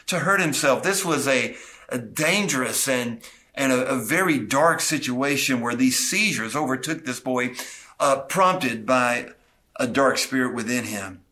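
Male pastor, earnest expository preacher, bright voice, middle pitch, occasional restarts. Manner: earnest preaching, paraphrases scripture with asides and small restarts. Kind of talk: expository sermon.

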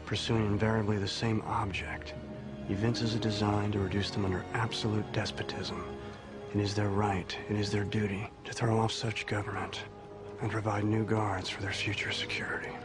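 An actor playing a hushed, earnest treasure hunter in a film. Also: male voice, on the low side, little pitch movement, normal speed, music in the background, natural voice. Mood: reverent. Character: earnest male treasure hunter reading aloud. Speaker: film character. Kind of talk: film dialogue. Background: film score.

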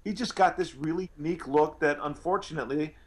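A man's voice: a little high, fast talker. A male actor telling anecdotes in an interview, rambling with many restarts and fillers. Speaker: actor guest.

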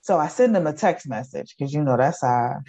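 A woman's voice: low voice, animated, normal speed, creaky, dark tone, slightly rough, muffled recording. A woman in her forties, an educator, giving an emotional personal testimony in an earnest, repetitive storytelling way. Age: 40s. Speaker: guest, educator.

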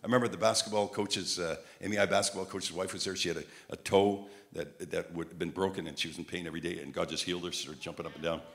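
An older male preacher from Montreal, telling humorous stories in his sermon and rising to loud, emphatic peaks. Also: deep voice, fairly even intonation, fast, vocal fry, few pauses. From Montreal, Canada.

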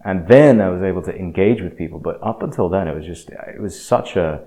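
A man with a very deep voice talks through his thoughts in a loose, unscripted way. He hesitates often, circling back with fillers and restarts, and sounds reflective and a little self-deprecating. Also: brisk, dark tone. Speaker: speaker sharing experience. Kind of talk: casual monologue.

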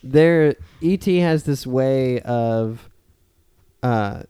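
A man's voice: mid-range voice, dark tone, clean tone, no echo, clean studio sound. A man in a casual podcast discussion about films, talking thoughtfully and meandering with restarts. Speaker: podcast panelist.

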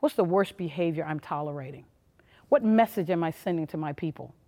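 A woman's voice: deep voice, brisk, dark tone, long reverb tail. A woman giving a motivational leadership talk in an emphatic, punchy way. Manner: emphatic, punchy, acts out little quoted voices. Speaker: motivational conference speaker.

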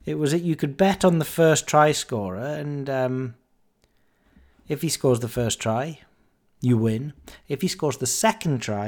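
Male podcast host, mid-pitched, casual storyteller who acts out the dialogue. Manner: chatty, animated anecdote-telling with fillers and quoted dialogue.

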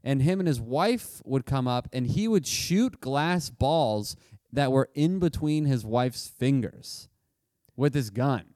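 A man's voice: mid-range voice, animated, slow, mellow, no echo, studio quality. A man co-hosting a casual comedic history podcast, telling stories with playful jokey asides, recorded in a basement. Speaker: podcast co-host. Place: unheated basement.

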